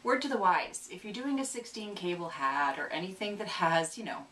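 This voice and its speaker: This woman co-hosts a laid-back knitting podcast, still getting over a cold, and she's chatty and self-deprecating. Her voice sits on the low side, a bit bright and brisk, with big swings in pitch. The mic is distant, with faint room noise.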